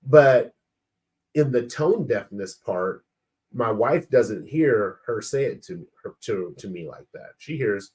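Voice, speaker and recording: Man in a group talk; middle voice, lively storytelling with quoted dialogue. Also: mid-range voice, unhurried. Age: adult, married. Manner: animated, acts out quoted exchanges. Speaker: men's circle participant. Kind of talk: casual group discussion.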